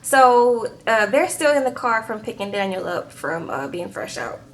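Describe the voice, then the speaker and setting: A woman's voice: medium pitch, big pitch swings, normal speed, low-quality recording. Sassy chatty woman vlogger. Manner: sassy, chatty, tags lines with "okay?" and "girl". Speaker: YouTube reality-show recapper. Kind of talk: casual recap vlog.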